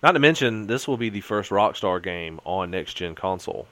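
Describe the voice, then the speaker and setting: A man on a casual gaming podcast, talking excitably and with strong emphasis. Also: deep voice, normal speed, no room sound. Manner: excitable, emphatic, swings his voice up and down.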